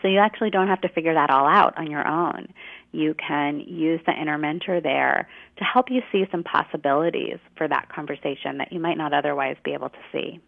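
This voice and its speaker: Low gravelly lady explaining stuff like a teacher, tinny phone line sound. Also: brisk. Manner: articulate, teacherly, gives examples. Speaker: guest expert on women's communication. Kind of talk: explanatory interview answers.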